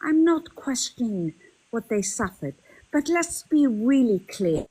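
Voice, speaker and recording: A woman's voice: fairly high pitch, sing-song, a little slow, warm tone, husky, low-quality recording. A woman from Germany calling in to a live stream, ranting in anger and swearing with heavy emphasis. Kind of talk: heated political rant.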